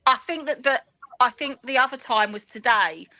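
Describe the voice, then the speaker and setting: A woman, telling an animated, rambling story in an interview and acting out the dialogue. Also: sits high, moderate pace. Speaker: guest, football fan and teacher.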